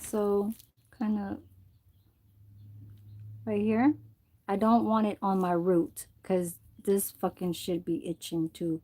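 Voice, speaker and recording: A woman's voice: mid-range voice, level tone, slow pace, long pauses, warm tone. A woman livestreamer chatting loosely while she dyes her hair, rambling and swearing, with frequent laughter. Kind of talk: casual chat while dyeing her hair.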